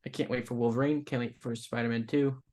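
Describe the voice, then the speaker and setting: A young man with an ordinary mid-range voice, co-hosting a podcast. He talks in a relaxed, unhurried way, pausing and hedging with fillers as he thinks. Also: mid-range voice. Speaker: podcast co-host. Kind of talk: casual chat.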